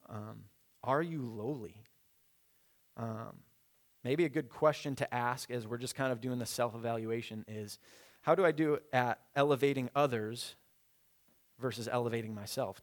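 A young man preaching a sermon as a pastor, in a casual conversational way with frequent fillers. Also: mid-range voice. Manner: conversational, many fillers, leads congregation in repeating a verse.

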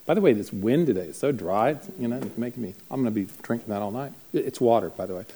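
A man speaking to a live class, telling a story with lively acted-out voices. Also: medium pitch, quick pace, crowd noise. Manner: animated, acts out voices in his stories. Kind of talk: storytelling talk to a live group.

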